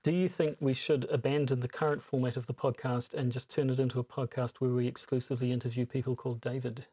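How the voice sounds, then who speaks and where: A man's voice: medium pitch, level tone, fast, mellow, husky. A man hosting a podcast in casual chat, with a dry, teasing sense of humor. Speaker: podcast host. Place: recording together in Auckland, New Zealand.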